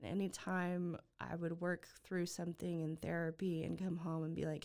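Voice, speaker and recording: Woman on a podcast opening up about her past, gravelly voice, lots of likes and restarts. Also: fairly low pitch, fairly even intonation, darkish tone. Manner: earnest, halting, many fillers and restarts. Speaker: podcast guest. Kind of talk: emotional personal storytelling.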